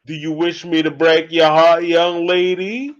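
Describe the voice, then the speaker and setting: A man mimicking a sinister male djinn posing as a professor, speaking smoothly and menacingly with a British accent, in a dull lo-fi recording. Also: on the high side, flat delivery, unhurried, lightly acted. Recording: dull lo-fi audio.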